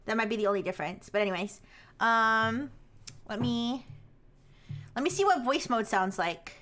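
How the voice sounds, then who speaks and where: A woman streamer chatting casually to her viewers, rambling with lots of filler words and quick laughs. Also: fairly high pitch, lively intonation, a bit bright. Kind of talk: casual live-stream chat.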